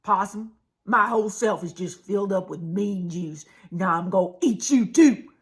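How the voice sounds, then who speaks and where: A woman voicing a huge, mean, hungry old male snapping turtle in a storybook reading, with a gruff, menacing drawl. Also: medium pitch, moderate pace, close to an everyday voice.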